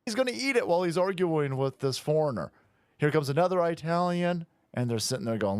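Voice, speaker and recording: A man's voice: fairly high pitch, expressive, brisk, a little mellow, clean tone, dry recording. A man hosting a show, giving crude, mocking play-by-play commentary over video clips. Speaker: show host.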